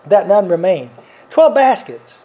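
Man, middle-aged, folksy preacher, chuckling, conversational, very high voice, muffled lo-fi sound. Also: sing-song, unhurried. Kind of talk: sermon. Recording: dull lo-fi recording.

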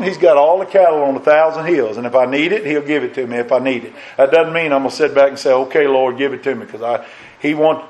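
An older pastor preaches a folksy sermon, his slightly high voice climbing on emphatic lines. He keeps putting questions to his congregation. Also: poor audio.

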